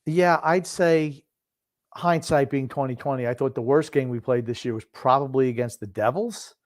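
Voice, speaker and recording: A man's voice: medium pitch, moderate pace, dry recording, studio quality. An older man co-hosting a podcast, chatting casually about hockey in a blunt, grumbling way. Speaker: podcast co-host. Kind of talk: casual sports chat.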